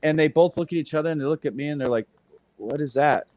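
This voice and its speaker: This crypto livestream guest talks fast in a slightly high, somewhat mellow voice with no echo. He rambles casually through a story, laughing a lot and mimicking the people he quotes.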